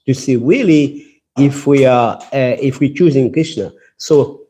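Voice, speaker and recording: A man with a French accent giving a scripture class in halting English, often repeating words and searching for phrases. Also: mid-range voice, warm tone. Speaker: class speaker.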